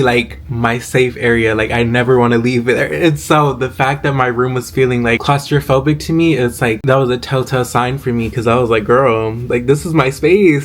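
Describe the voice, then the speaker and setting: A young man telling a personal story in a casual vlog, chatty and full of filler words and slang. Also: medium pitch. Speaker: vlogger.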